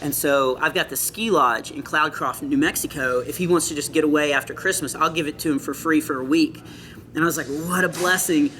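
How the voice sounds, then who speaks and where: A middle-aged male comedian chatting in an interview, telling earnest stories with quick asides. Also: a little high, steady tone, bright, forceful tone, slight background noise. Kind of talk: casual interview chat. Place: comedy club after a show.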